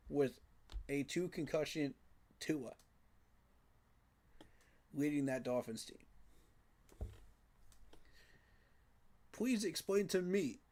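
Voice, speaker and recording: A man's voice: a little high, a little mellow. A man giving a frustrated, emphatic postgame reaction rant, repeating his points for emphasis. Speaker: sports fan commentator.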